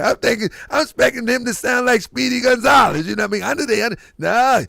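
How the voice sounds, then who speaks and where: A man hosting a casual live stream, rambling and animated and breaking into loud laughter. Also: very high voice, normal speed, creaky, dry recording, studio quality.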